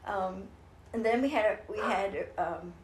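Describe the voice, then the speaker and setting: An older woman recounts her own story as an interview guest, in an earnest, meandering way that often restarts her sentences. Her voice sits in the middle of the usual pitch for a woman. The room around her gives the recording a noticeable echo. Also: unhurried, slight background noise. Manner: earnest, rambling, with many restarts. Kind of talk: personal storytelling in a casual interview. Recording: roomy echo.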